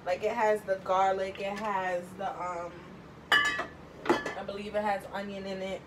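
With heavy background noise behind her, a young home cook vlogger gives a casual tutorial in her kitchen. Her mid-range voice is delivered flatly and a little slowly, yet she's chatty and rambling, thinking aloud with many fillers.

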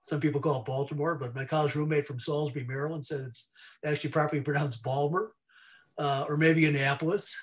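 A man's voice: a little high, flat delivery, fast. A man speaking as an invited scholar in a seminar discussion over a video call, rambling through asides and restarting his sentences.

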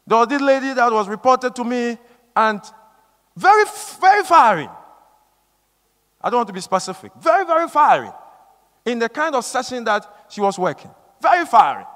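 A male preacher giving a sermon with emphatic, repetitive storytelling that swings from hushed tones to shouting. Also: very high voice, very animated, moderate pace, long pauses. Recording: long reverb of a large hall.

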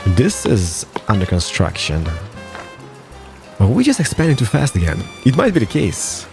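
A man hosting a gameplay video, commentating casually in a playful, excitable way with jokey asides. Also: on the low side, creaky.

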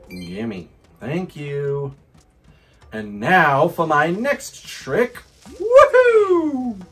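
A man hosting a let's-play video, commenting on his game to himself with frequent whoops, laughs and excited exclamations. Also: fairly high pitch. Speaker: gaming channel host.

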